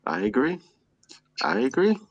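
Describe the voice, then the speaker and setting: A man's voice: a little high, big pitch swings, unhurried, gravelly, dull audio. A man hosting a livestream show, chatting casually, reading viewer comments aloud and laughing often.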